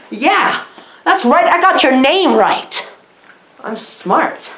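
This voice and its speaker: A woman giving a comedic movie review, chatty and mock-naive, full of "like"s, in deadpan comedy style. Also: high voice, slow pace, long pauses, a little hiss or hum. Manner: mock-naive, chatty, many "like"s, lively swooping delivery. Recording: echoey room.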